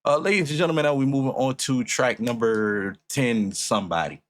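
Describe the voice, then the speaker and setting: A man streaming a music reaction, talking casually and swearing often, swinging between loud outrage and low muttering. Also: brisk.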